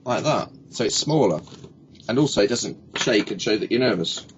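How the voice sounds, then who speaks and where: A man's voice: on the low side, lively intonation, moderate pace, background noise. A man, a speaking coach, telling jokey anecdotes in a casual interview and acting out little quoted exchanges. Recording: dull lo-fi recording.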